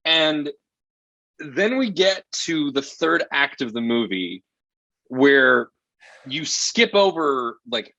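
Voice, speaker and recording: A man's voice: a little high, sing-song, slow, bright, forceful tone, no echo, highs cut off. Profane, rambling male film reviewer. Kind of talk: casual film review chat.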